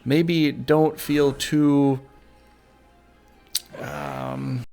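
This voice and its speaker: A man's voice: fairly high pitch, level tone, drawn-out words, gravelly, warm tone. A man giving casual, rambling strategy commentary over a game, folksy and prone to correcting himself mid-thought. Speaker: gameplay commentator. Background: faint game music.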